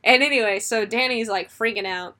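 A woman's voice: on the high side, fairly quick, sharp tone. A woman co-hosting a casual movie review, retelling scenes animatedly with plenty of swearing and laughter. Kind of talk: casual chat.

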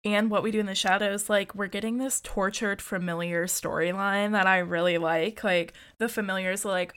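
Young woman, podcast co-host, chatty and animated, casual swearing, mid-pitched voice. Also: moderate pace, few pauses, smooth. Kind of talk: casual chat.

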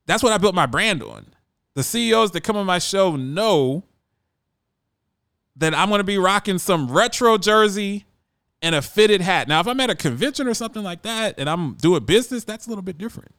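Man, radio host, brash emphatic monologue, lively swinging pitch, dry close sound. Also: a little fast, no echo. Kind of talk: casual monologue.

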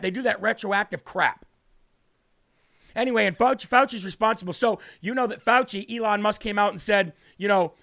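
A male talk show host in full rant, his voice pitched high and rough with gravel. He mocks and jabs, hammering the same phrase again and again. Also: a bit bright. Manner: mocking, combative, repeats himself for emphasis. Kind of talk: ranting live commentary.

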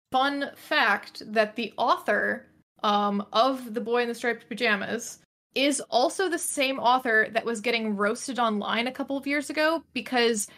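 A young woman joins a podcast as a guest, gossiping with lots of fillers and laughter. Her voice sits a little high. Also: a bit bright. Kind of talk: casual podcast chat.

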